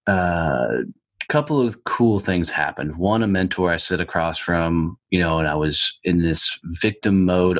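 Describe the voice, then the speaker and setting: A man's voice: deep voice, unhurried, no room sound. A middle-aged man from the United States telling his story as a podcast guest, blunt and heavy on swearing. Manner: profane, blunt and animated storyteller. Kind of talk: storytelling in an interview.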